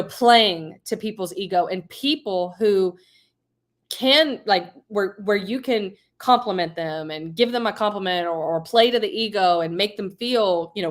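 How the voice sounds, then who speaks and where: Woman host, mid-pitched, rambling questions, easy laughter. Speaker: interviewer. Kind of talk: casual interview chat.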